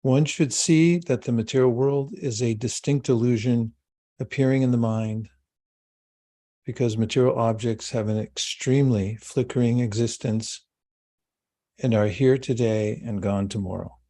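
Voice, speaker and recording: A man giving a spiritual talk and a guided meditation, speaking slowly, calmly and soothingly with long pauses. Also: medium pitch. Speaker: spiritual teacher.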